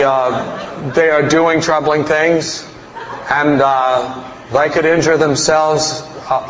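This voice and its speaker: To a congregation, a man with a somewhat high, slightly bright voice preaches a folksy, rambling storytelling sermon with self-mocking humor. The recording is roomy and dull-sounding, with faint noise.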